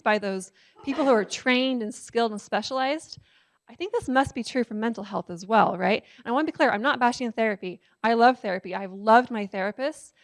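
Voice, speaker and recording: A woman giving a public lecture in a conversational way, often checking with the audience and using filler words. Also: fairly high pitch. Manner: conversational, asks the audience "right?"; frequent "um" fillers.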